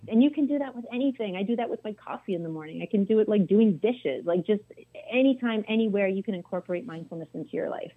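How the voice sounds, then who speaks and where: A woman's voice: medium pitch, lively intonation, fast talker, breathy edge. A chatty woman coach talks easily through a story, full of little fillers. Her voice comes over a thin, tinny phone line. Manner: chatty, anecdotal, many "like" fillers. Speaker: wellness coach. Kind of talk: casual podcast conversation.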